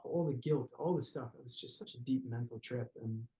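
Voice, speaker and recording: A man in the middle of his voice range speaks as a podcast guest, telling a story in a thoughtful, searching manner. He pauses and restarts often, reaching for the right word. The recording has a noticeable roomy echo. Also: mid-range voice, warm tone. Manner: searching, hesitant phrasing with frequent "like" and restarts. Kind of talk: reflective conversational storytelling.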